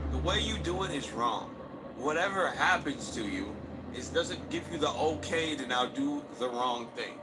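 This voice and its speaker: A man's voice: on the high side, heavy background noise. Emphatic ranting man streamer. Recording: loud game music behind voice.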